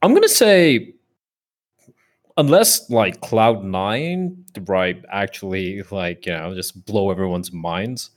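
Blunt low-voiced esports panelist. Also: male voice, expressive, slow pace. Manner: blunt, casual, swears. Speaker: esports analyst. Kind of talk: casual esports chat.

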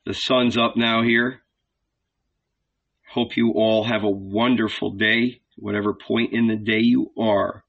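A man reading a novel aloud as the regular reader, slow and deliberate, closing with an affectionate sign-off. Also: fairly low pitch, level tone, creaky, muffled recording. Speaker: audiobook reader. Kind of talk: scripted narration.

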